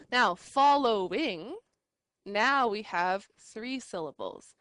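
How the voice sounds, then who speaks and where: Woman teacher, slow and patient, dry close sound, mid-pitched, keeps asking "right?". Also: animated, a bit bright, no room sound. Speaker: English teacher. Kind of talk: classroom lesson.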